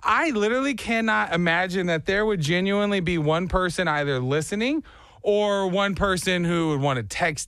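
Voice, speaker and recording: A man's voice: high-pitched, normal speed, smooth, no echo. A man hosting a morning radio show, telling stories with playful mock outrage. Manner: animated, exaggerated storytelling with mock outrage. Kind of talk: casual morning radio banter. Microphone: studio microphone.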